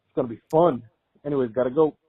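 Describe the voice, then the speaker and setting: A man's voice: medium pitch, fast, slightly rough, no echo. Man on a tinny phone line. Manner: laid-back, profane, rambling. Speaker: caller. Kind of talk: casual call-in chat.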